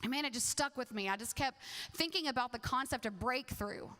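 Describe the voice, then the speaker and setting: A woman's voice: sits high, brisk, bright, forceful tone, long reverb tail. A woman pastor preaching a sermon in a conversational, humorous way, acting out quotes.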